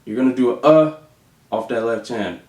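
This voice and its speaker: A man teaching drum rudiments, calling out stickings and counting beats aloud slowly. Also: mid-range voice, a little mellow. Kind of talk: instructional demonstration. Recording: echoey room with faint noise.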